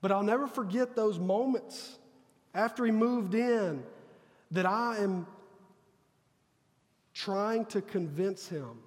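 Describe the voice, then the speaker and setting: A pastor speaks with a fairly high voice, telling a personal story in a sermon. He acts out quoted dialogue with earnest feeling. His voice carries the long reverb of a large church. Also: unhurried, long pauses. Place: church sanctuary.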